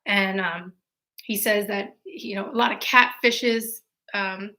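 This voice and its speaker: A young woman hosting a casual live stream from home, chatting with viewers and telling a dating story in an animated way. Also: medium pitch, takes it slowly.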